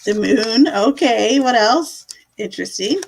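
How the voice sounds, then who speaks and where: A woman's voice: on the high side, lively intonation, measured pace, gravelly, noisy background. A young woman giving casual tarot readings on a live stream, chatty and full of fillers, calling viewers love and my dear. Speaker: livestream tarot reader.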